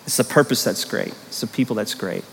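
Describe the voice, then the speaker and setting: A man's voice: lowish voice, brisk, creaky, slight background noise. A man preaching a sermon as pastor, telling personal stories and then rising into emphatic exhortation. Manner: storytelling, building to emphatic exhortation. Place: large church sanctuary. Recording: long hall reverb.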